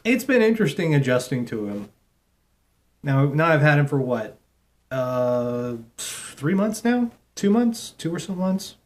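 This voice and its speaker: A man's voice: on the high side, very animated, unhurried. Man cooing to his cat on air. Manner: coos softly in baby talk to his cat between announcements. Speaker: internet radio host. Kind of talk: casual live radio chat.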